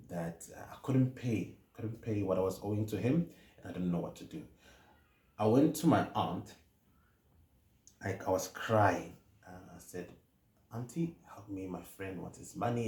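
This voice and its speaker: A man with a South African accent, a counselling psychologist, telling a personal story in a measured, hesitant way with many fillers. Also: on the low side, darkish tone. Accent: South African English. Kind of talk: reflective personal talk. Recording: echoey room with faint noise.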